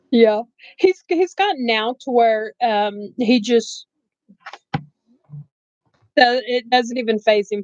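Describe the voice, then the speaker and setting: A woman's voice: fairly high pitch, slow, long pauses, darkish tone, no room sound, highs cut off. A middle-aged woman chatting casually on a live stream, blunt and rambling, laughing often and saying she has no filter. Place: bedroom at home.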